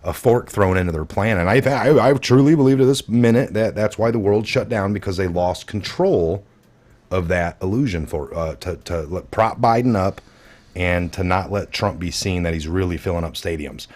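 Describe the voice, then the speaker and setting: A man's voice: sits low, normal speed, darkish tone. A man hosting a casual political talk show, wry and laughing along with his co-host.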